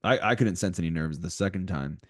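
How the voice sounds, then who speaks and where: Casting: male podcast co-host, very low voice, dry close sound, animated motivational chat. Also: a little fast, no room sound. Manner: animated, repeats himself, talks straight to listeners.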